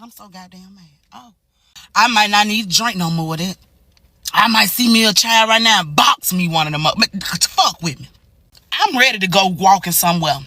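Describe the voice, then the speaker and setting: A woman ranting angrily to her phone camera in a heated, profane reaction, swinging between shouts and low mutters. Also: dry recording. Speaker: social media commentator. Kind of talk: angry reaction rant to camera.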